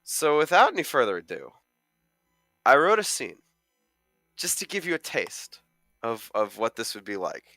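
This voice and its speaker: A man's voice: medium pitch, very animated, moderate pace, pauses often, sharp tone, no echo, faint music behind. A young man co-hosting a podcast, chatting casually about films and rambling with many fillers. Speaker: podcast co-host, amateur film critic. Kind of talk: casual chat.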